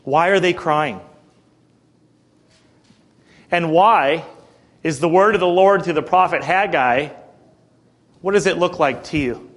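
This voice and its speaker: High-voiced male preacher clearing his throat. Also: measured pace. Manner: checks in with listeners, "Okay?" and "Amen?"; reads scripture aloud, then explains it plainly. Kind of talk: sermon.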